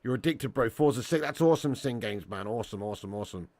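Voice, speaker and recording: A man's voice: mid-range voice, animated, fast talker, a little mellow, no echo. A young man hosting a casual live watch-along, reading chat and bantering with viewers as lad and mate.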